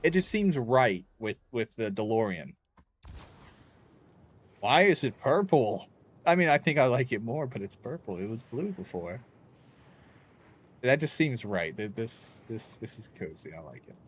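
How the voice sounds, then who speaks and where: A man's voice: on the low side, big pitch swings, normal speed, breathy edge. A young man streaming a game, rambling and joking with chat in a loose, crude way. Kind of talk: casual gaming stream chat.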